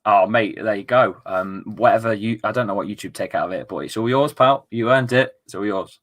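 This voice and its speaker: A man dropping in as a guest, chatting in a relaxed, friendly, bantering way before signing off. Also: lowish voice, a little fast. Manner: friendly, laid-back banter. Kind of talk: casual chat.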